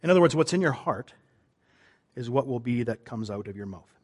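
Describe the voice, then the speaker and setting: A man, a pastor, preaching a sermon, moving between loud emphasis and quiet, drawn-out lines. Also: mid-range voice, animated, slightly rough.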